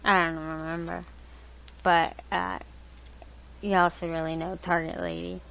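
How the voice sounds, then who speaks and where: Rambling woman with gravelly voice. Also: fairly low pitch, flat delivery, a little slow, fairly bright tone, poor audio. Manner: rambling, loose, with many fillers and restarts. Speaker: livestream host. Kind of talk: casual rambling chat. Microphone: laptop mic.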